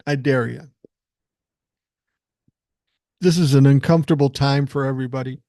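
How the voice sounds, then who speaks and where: A man's voice: medium pitch, fairly even intonation, quick pace, dark tone, no room sound, studio quality. An older man hosting a solo podcast, talking bluntly and emphatically, with frequent swearing. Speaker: podcast host. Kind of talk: solo political podcast monologue.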